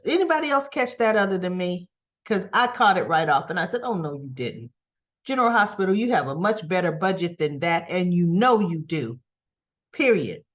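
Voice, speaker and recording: A woman's voice: medium pitch, highs cut off. A woman recapping and reviewing a soap opera episode in casual chat, acting out the characters' lines and laughing often in disbelief. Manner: animated storyteller, acts out characters' lines; laughs often, teasing and incredulous.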